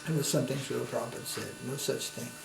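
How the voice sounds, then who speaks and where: Talking very fast, a swami with a creaky, medium-pitched voice and fairly even intonation gives a spiritual lecture. It's anecdotal and conversational, with tag questions asking listeners to follow. The recording is roomy with a faint hum.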